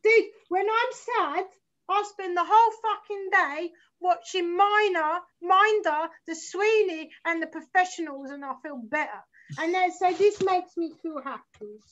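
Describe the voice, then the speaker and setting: A woman's voice: very high voice, measured pace, a bit bright. A woman in her forties with a London accent, a guest chatting in a rambling, sweary, enthusiastic way. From South London, England. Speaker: guest musician. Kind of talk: casual chat. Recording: slightly muffled lo-fi sound.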